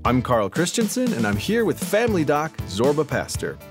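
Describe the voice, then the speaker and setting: Upbeat guy radio host, bouncy pitch, bit of music behind. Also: moderate pace. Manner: upbeat, announcer-like, lively. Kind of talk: radio show hosting. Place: radio studio. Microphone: studio mic.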